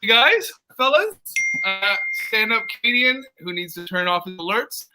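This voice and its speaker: A man from Canada, a comedy writer and stand-up, making wry, quick jokes over a video call. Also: high-pitched, very animated, over music, poor audio. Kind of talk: jokey panel banter.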